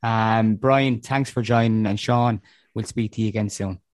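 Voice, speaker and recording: A man's voice: fairly low pitch, steady tone, moderate pace, very noisy. A man hosting a casual fan podcast, wrapping up with thanks and repeating himself as he goes. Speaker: podcast host.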